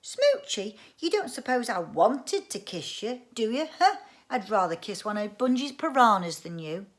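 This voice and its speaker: A woman's voice: fairly high pitch, expressive, normal speed, voice pushed up, lightly acted. A woman voicing a bossy, exasperated young girl in a storybook reading. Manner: exasperated, scolding.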